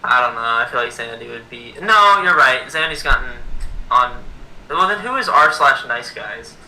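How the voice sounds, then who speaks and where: A young man in casual chat with friends, rambling and animated. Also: medium pitch, moderate pace. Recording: roomy and distant.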